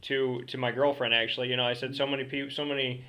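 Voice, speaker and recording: A man's voice: mid-range voice, little pitch movement, fast, bright, forceful tone. A man hosting an interview, asking long, winding questions. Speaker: interviewer, host. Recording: dull lo-fi sound.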